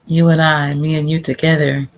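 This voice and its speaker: A woman's voice: low-pitched, flat delivery, normal speed. A woman hosting a casual live stream, chatting directly with her viewers in a chatty way, and at times reading out a prayer. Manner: chatty, talks straight to viewers, reads out a prayer. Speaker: livestream host. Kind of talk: casual livestream chat with viewers.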